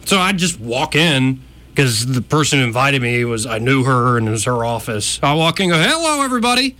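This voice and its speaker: A man's voice: mid-range voice, moderate pace. A man chatting casually as a podcast host, self-deprecating, laughing often and acting out the people in his stories. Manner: animated storyteller, acts out quotes. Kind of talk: casual chat.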